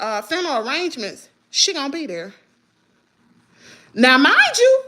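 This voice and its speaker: A high-voiced woman runs a gossip livestream. She talks straight to her viewers with sass, and her voice leaps all over the place. The tone is bright and sharp. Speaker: livestream host. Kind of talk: casual gossip commentary livestream.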